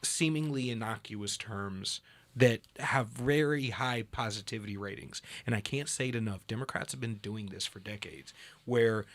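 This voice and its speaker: A man's voice: fairly low pitch, moderate pace. Casting: male talk-show host, conversational, acts out quoted voices when telling a story. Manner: animated storyteller, acts out dialogue in a raised voice. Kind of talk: casual political talk.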